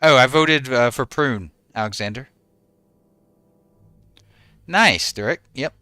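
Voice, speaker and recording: A man's voice: medium pitch, expressive, slow pace, bright, forceful tone, dry recording. A man in his forties, a game streamer chatting casually with his viewers and answering them by name.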